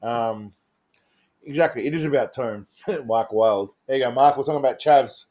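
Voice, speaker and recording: A man's voice: medium pitch, normal speed, darkish tone. An Australian man co-hosting a casual livestream chat, rambling and repeating himself and laughing often. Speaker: co-host of a livestream show.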